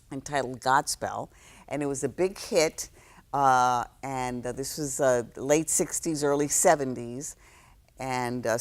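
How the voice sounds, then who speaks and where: A woman in her sixties from New York City, a guest telling stories in a relaxed interview, reflective, with many fillers and restarts. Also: low voice. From New York City, South Bronx. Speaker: guest, actress.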